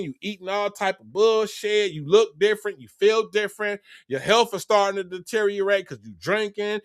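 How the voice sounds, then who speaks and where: High-voiced man preaching street talk. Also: a bit bright, no echo, studio quality. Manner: preachy street-talk storytelling, acts out both sides of dialogue. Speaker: livestream host. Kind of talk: casual livestream talk.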